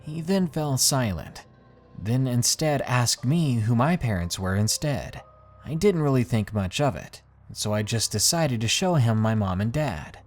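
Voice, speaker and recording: A man reading out a creepy first-person story as a scripted narration, with an expressive storytelling delivery. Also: medium pitch, measured pace, faint music behind.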